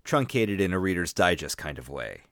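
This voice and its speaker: Low, lively-voiced podcast man. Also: moderate pace, dry recording, clean studio sound. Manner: easygoing, laughs often, lively reading. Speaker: podcast co-host. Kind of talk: casual chat and reading aloud.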